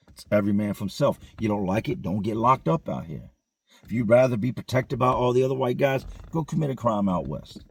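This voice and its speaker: A man's voice: mid-range voice, a little mellow, slightly rough, no room sound. A man casually telling a story in slangy street vernacular, with frequent conversational asides to the listener.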